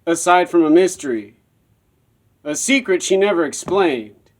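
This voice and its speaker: Rambling man with a slightly high voice. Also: lively intonation, a little slow. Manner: rambling, repetitive storytelling. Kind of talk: personal monologue.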